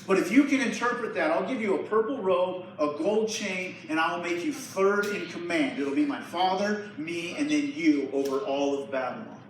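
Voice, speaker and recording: A man playing a panicked, boastful young king who demands answers loudly. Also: sits high, lively intonation, moderate pace, hardly any pauses, a little hiss or hum. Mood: skeptical. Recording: echoey hall from far off.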